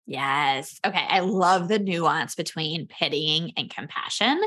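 A woman hosting a coaching podcast in casual conversation, upbeat and quick to laugh. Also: deep voice, pushed and bright.

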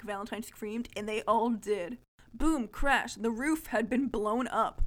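A woman's voice: fairly high pitch, steady tone, a little slow. A woman co-hosting a casual podcast, reading a childhood story aloud and breaking off to laugh and comment. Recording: lo-fi podcast audio.

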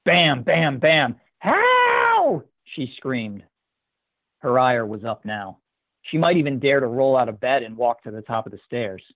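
A man narrating a scripted story in a measured, even manner. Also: mid-range voice, no room sound. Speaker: story reader. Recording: tinny dry phone-like sound.

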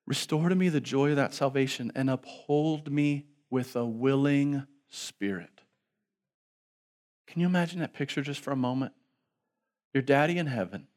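A man who is a pastor preaching a sermon, moving between soft pleading passages and loud, emphatic calls to the congregation. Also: medium pitch, expressive, measured pace, long pauses. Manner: asks the congregation to respond aloud.

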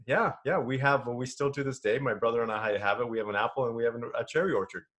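Relaxed Canadian man, podcast guest. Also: mid-range voice, fast. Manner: relaxed and conversational. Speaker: podcast guest, business coach. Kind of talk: podcast interview.

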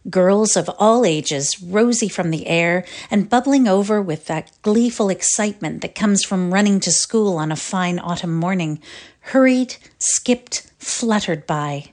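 A woman reading a classic short story aloud, expressive and deliberate. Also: medium pitch. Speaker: reader. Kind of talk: dramatic literary reading.

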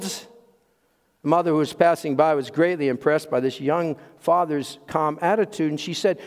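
A man preaching a sermon as pastor, swinging from loud emphasis to hushed asides and chuckling at his own jokes. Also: on the high side, moderate pace. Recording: long hall reverb.

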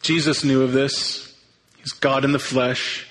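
A man's voice: mid-range voice, flat delivery, unhurried, a bit bright, poor audio. A man preaching a sermon, earnest and thinking aloud, sometimes restarting his sentences. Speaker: pastor.

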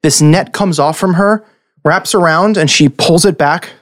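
Lively, higher-voiced man running a game. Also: measured pace. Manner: lively, casual, rambling with fillers. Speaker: game master. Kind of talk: narrating a tabletop game.

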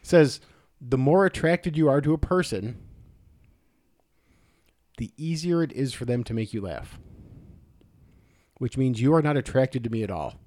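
A man co-hosting a podcast, joking with his wife and laughing often. His pitch moves around a lot and rises when he laughs. The sound is close and dry, with no room behind it. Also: expressive, a little slow, long pauses, darkish tone, no room sound. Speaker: podcast co-host. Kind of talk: casual banter between spouses.

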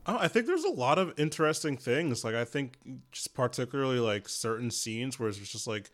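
A man speaks as a guest on a casual comics podcast, sounding eager. His voice sits at a middling pitch, and he hedges a lot, filling his talk with "like" and "um.". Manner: enthusiastic, hedging with "like" and "um". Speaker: guest, music composer. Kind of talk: casual chat.

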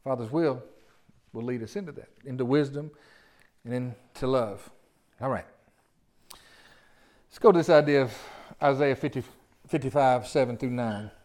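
A man's voice: medium pitch, normal speed, long pauses, a little mellow. A man, a pastor giving a sermon in a folksy style with rhetorical questions.

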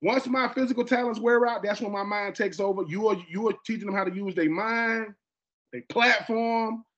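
A man's voice: high-pitched, normal speed, muffled recording. A man from Georgia, hosting a casual podcast chat and acting out quoted dialogue with lots of restarts. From Georgia, USA. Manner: animated, acts out quoted dialogue; repeats and restarts often. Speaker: podcast host.

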